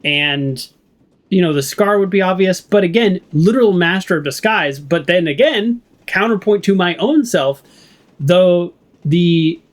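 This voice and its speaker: A man's voice: a little high, a bit bright. A man with a West Coast American accent, rambling chattily as he plays and comments on a game. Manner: rambling, chatty, lots of fillers and laughs. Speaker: let's play streamer.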